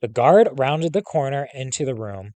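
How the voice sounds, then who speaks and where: A male teacher reads a memoir aloud in the first person, plain and steady, and now and then drops in a quick casual aside. His voice sits at a middle pitch. The sound is dry and close. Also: dry recording. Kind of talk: reading a book aloud.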